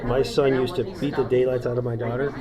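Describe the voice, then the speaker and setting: A middle-aged quizmaster reading question codes in brisk calls and telling family stories between rounds. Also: medium pitch, flat delivery, a loud crowd. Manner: brisk procedural calls, then chatty storytelling. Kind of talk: reading quiz prompts and chatting between rounds.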